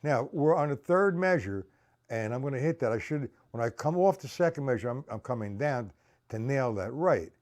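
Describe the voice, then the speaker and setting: A man's voice: mid-range voice, lively intonation, normal speed, a little mellow. A man giving a live-streamed drum lesson, counting beats aloud, blunt and repetitive, often checking that viewers understand. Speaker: drum teacher.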